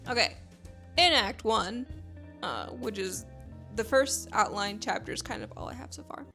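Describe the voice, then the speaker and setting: A woman's voice: mid-range voice, moderate pace, gravelly, music in the background. A young woman from Panama, a novelist, chatting enthusiastically about her book in a rambling writing vlog from her home computer room.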